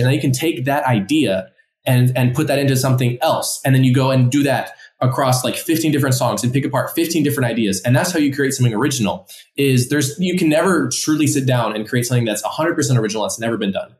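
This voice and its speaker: A man's voice: medium pitch, fast, a little mellow. A man, a musician and songwriter, explaining his creative process with enthusiasm in a casual group discussion, acting out his own thoughts as he goes. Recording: roomy, echoey sound.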